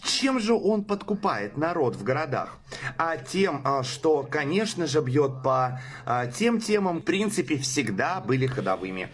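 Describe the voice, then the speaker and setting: A man delivering a political monologue to camera in a played clip, measured and broken up by hesitant filler sounds. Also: on the high side, big pitch swings. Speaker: social media commentator in a played clip.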